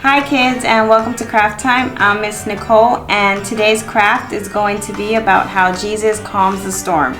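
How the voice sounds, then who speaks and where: A woman's voice: mid-range voice, steady tone, fairly bright tone, soft background music. Woman teaching a children's craft, echoey room. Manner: friendly and clear, speaking slowly to children. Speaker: craft teacher on a kids' show. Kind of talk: step-by-step craft instructions for children.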